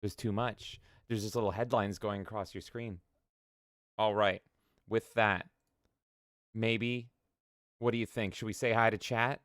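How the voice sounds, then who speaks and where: A man's voice: fairly low pitch, fairly even intonation, measured pace, long pauses, a bit bright, dry recording, studio quality. A man co-hosting a casual gaming podcast, joking crudely and reading chat messages aloud. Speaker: podcast co-host.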